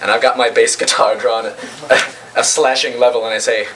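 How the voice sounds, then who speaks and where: A man improvising an imaginative story for friends, with animated, playful narration. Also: medium pitch, a little fast. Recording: distant mic with faint noise.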